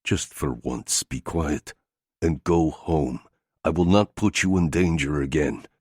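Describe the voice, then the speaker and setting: A man's voice: very deep voice, takes it slowly, a little mellow, slightly rough, no room sound, studio quality, exaggerated voice. A man doing a massive, stern, solemn man. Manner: grave, clipped orders.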